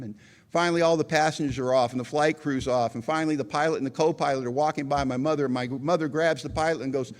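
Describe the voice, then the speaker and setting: A man's voice: fairly high pitch, fairly even intonation, fast talker. A middle-aged American man telling his recovery story at a meeting, earnest and self-deprecating, with acted quotes. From United States.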